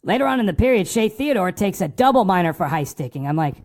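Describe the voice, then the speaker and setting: A man hosting a casual hockey podcast, recapping games in excitable, profane fan talk and acting out his own remarks. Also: high-pitched, quick pace.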